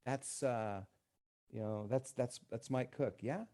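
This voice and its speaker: A man's voice: medium pitch, fairly even intonation, moderate pace, mellow. A man, a counselor, telling stories in a casual radio talk and acting out the dialogue. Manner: storytelling, acts out quoted dialogue. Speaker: counselor guest. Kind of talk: casual podcast conversation.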